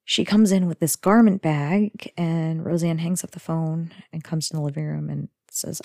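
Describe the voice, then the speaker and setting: A woman's voice: deep voice, steady tone, moderate pace, creaky, few pauses, warm tone, no room sound, studio quality. A woman hosting a podcast, chatting casually through a sitcom recap with lots of fillers and giggly asides. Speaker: podcast host.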